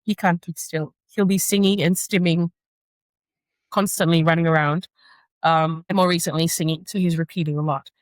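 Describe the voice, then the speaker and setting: Woman, podcast guest, lower voice, dry close sound, earnest, reflective. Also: fairly even intonation, moderate pace, dry recording. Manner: earnest, reflective, often acts out her son's repeated questions in a higher voice. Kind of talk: candid interview conversation.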